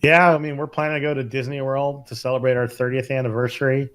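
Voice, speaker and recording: A man's voice: medium pitch, level tone, fast talker, a bit bright. A middle-aged man, an emergency physician co-hosting a casual podcast, talking thoughtfully with lots of fillers and restarts.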